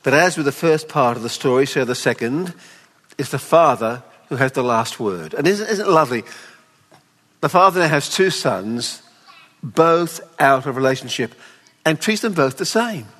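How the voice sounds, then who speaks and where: A man preaching a sermon at a weekend away, expressive and pleading, often acting out the people in the story. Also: mid-range voice, moderate pace. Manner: expressive, voices the father pleading tenderly. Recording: long hall reverb.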